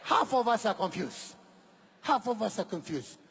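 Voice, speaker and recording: A man in his fifties with a Malaysian English accent, telling a stand-up story live, animated, repeating words in quick bursts and slipping into Malay. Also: high voice, slight background noise. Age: 50s. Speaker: stand-up comedian. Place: large hall in front of an audience. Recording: live show with long hall reverb.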